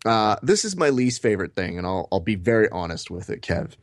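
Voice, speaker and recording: A man co-hosting a podcast, telling animated stories and swearing casually. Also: lowish voice, fairly quick, no echo, clean studio sound. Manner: animated storyteller, acts out quotes, swears. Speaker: podcast co-host.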